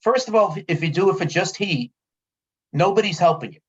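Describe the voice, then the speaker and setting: A man's voice: high voice, lively intonation, brisk. A man speaking up at a town committee meeting, heated and frustrated, repeating himself as he presses his point. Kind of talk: public comment at a meeting. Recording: dull lo-fi meeting audio.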